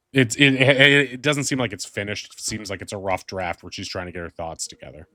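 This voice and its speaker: A man's voice: lowish voice, fairly even intonation, fairly quick, few pauses, pushed and bright, no room sound, clean studio sound. A man narrating as game master, rambling and thoughtful with many fillers.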